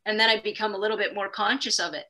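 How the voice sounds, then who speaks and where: A middle-aged woman, a podcast guest, telling stories in an animated, self-deprecating way, fast in bursts. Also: medium pitch. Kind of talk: casual conversation.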